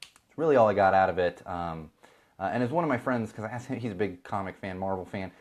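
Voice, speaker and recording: A man's voice: sits low, expressive, quick pace, darkish tone. A man in his thirties hosting a podcast, chatting casually and ranting with sarcastic asides. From Chicago, USA. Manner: ranting, sarcastic asides, mimics other people. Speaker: podcast host. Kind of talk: casual live-stream chat.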